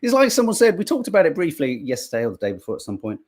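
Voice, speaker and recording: A man's voice: on the high side, huge pitch swings, very fast, darkish tone. A man hosting a podcast, commenting on news clips in a sarcastic, swearing, mocking way. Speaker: podcast host.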